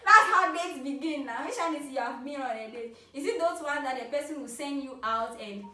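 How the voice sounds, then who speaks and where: A Ghanaian woman in her twenties telling funny personal stories to camera in a playful, animated way, laughing often. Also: sits high, fairly quick, a little hiss or hum. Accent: Ghanaian English. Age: 20s. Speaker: vlogger. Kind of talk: casual storytelling to camera. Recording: roomy, from a distance.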